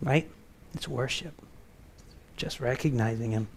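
A man preaching a casual sermon in a conversational, animated way, acting out the voices of people in the stories he tells. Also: medium pitch, unhurried, gravelly, a little hiss or hum. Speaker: pastor.

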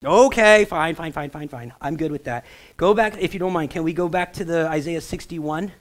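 A man, a pastor with a slightly higher voice preaching in a church sanctuary over a stage microphone. He keeps it loose and conversational, cracking jokes and checking that the congregation is following. It sounds more like easy talk from the pulpit than a formal address. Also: normal speed, rough recording. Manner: jokey, conversational preaching with lots of audience check-ins. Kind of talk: sermon.

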